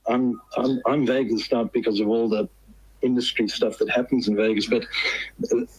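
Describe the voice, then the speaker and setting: A man as a guest on a podcast, telling stories in a relaxed, chatty way. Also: medium pitch, normal speed, slightly rough, low-quality recording. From South Africa. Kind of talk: casual interview chat.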